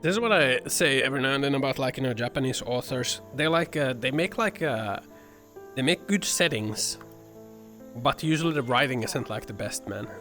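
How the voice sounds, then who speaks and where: A man's voice: mid-range voice, moderate pace, fairly bright tone, faint music behind. A man streaming, ranting casually with lots of swearing and filler words. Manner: rambling, profane, fillers "like" and "man". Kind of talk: casual chat.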